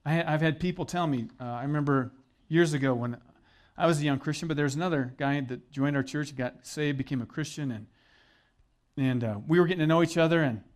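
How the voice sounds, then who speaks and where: Middle-aged pastor guy giving a sermon, talks like he's chatting with you, cracks little jokes, kinda high voice. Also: brisk. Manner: conversational, earnest, with joking asides.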